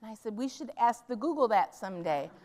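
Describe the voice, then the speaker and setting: High-pitched midwest lady telling stories at a keynote, big hall with long echo. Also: expressive, a little fast, darkish tone. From Minneapolis, US Midwest. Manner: storytelling, asks the audience "right?" often. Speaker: conference keynote speaker. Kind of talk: keynote talk. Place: conference hall stage. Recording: large hall with long reverb.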